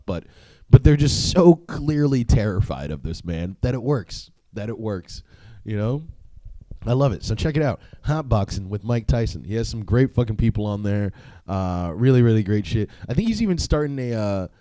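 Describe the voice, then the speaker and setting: A young man hosts a solo podcast, rambling casually and profanely, full of filler words and frequent laughs. His fairly low voice has a dark tone in a dry recording.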